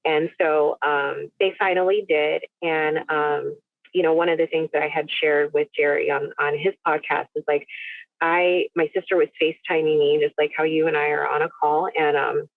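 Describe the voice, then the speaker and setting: Woman, middle-aged, low voice, earnest and halting storyteller, narrow phone-call sound, dry. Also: fairly even intonation, no room sound. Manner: earnest, halting, often restarts her sentences. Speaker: podcast guest. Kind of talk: personal storytelling in a podcast interview. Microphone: phone or video call.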